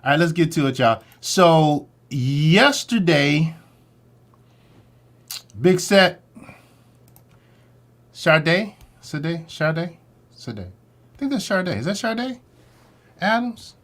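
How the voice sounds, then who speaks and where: A man's voice: a little high, expressive, slow, pauses often. A man hosting a morning livestream in a casual, chatty way, greeting viewers by name and repeating his catchphrases. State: a little out of breath. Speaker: host of a morning drama-recap livestream.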